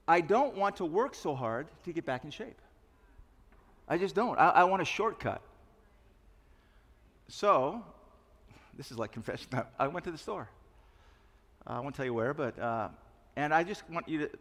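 A man in his sixties preaching a sermon, telling confessional stories with self-mocking humor. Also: mid-range voice. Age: 60s. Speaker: pastor. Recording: long reverb of a large hall.

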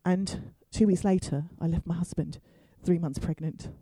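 A woman's voice: lowish voice, fairly even intonation, moderate pace, dark tone, slightly rough, no echo, low-quality recording. A woman stand-up comedian telling a story with wry asides and free swearing. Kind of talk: comic storytelling.

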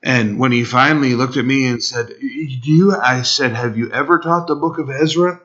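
A man's voice: medium pitch, normal speed, fairly bright tone, highs cut off. A male pastor preaching an impassioned expository sermon, pleading and rising sharply for emphasis.

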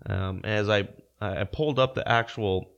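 Very deep-voiced man, halting casual talk. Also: gravelly, fairly bright tone, smooth, muffled recording. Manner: halting, many fillers and restarts. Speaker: podcaster. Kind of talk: casual retelling to listeners.

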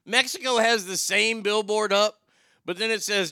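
A man's voice: high-pitched, fairly even intonation, moderate pace, sharp tone, no echo, clean studio sound. A man hosting a comedic news commentary show, rambling sarcastically and swearing freely. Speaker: show host.

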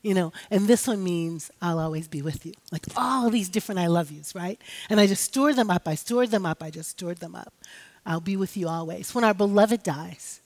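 A woman's voice: on the low side, moderate pace, few pauses, darkish tone. Woman pastor preaching a personal sermon. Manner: storytelling, personal and humorous, speaks directly to the congregation.

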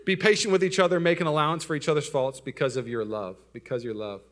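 Man, pastor, sermon, rapid delivery, self-deprecating storyteller. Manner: storytelling, self-mocking, swings from loud excitement to soft and low.

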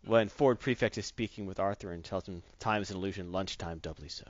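A man's voice: deep voice, fast talker, no room sound, muffled recording. A man co-hosting a casual podcast, joking and laughing often as he riffs on comics and movies. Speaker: podcast co-host.

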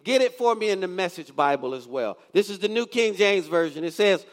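Pastor, man, 50s, high and lively delivery, quizzes the congregation, church reverb. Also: fairly quick, few pauses. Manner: keeps asking the congregation questions. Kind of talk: sermon. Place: church sanctuary.

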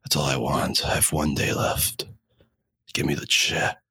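A man's voice: a bass voice, flat delivery, measured pace, bright, forceful tone, breathy edge, dry recording, studio quality, heavily acted. A man voicing a dying young man who begs weakly for snacks, in a whispered role-play. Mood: pleading. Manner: faint pleading whisper.

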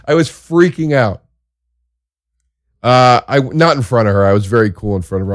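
A male comedian hosting his own show and riffing through a crude, joking story. His voice sits at an ordinary middle pitch, and the recording is close and dry with almost no room sound. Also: normal speed, no room sound. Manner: crude, joking, swings into excited exaggeration. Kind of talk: casual storytelling monologue.

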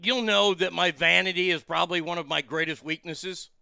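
This show host has a high-pitched, brisk and creaky voice, bright and forceful yet clean, with fairly even intonation. Alone at a studio mic running into a mixing board, he rambles casually, irreverent and profane, and no room sound comes through.

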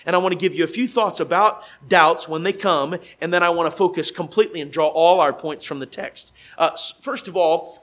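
A man preaching as a traveling evangelist, emphatic and given to repeating key phrases, moving between loud pleading questions and quiet conversational asides. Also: fairly high pitch, a little fast, few pauses, low-quality recording. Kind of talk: sermon.

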